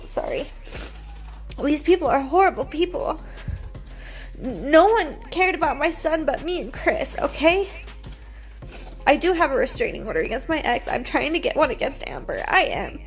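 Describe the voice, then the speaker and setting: A woman in her twenties, crying as she talks in an upset, defiant livestream monologue on her phone. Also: high-pitched. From United States. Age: 20s. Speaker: reality TV personality.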